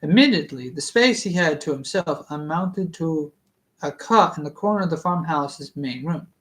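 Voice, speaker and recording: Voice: medium pitch, expressive, normal speed, fairly bright tone. A reader reading a fantasy book aloud casually, stumbling, laughing at slips and drifting into rambling asides. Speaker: audiobook reader.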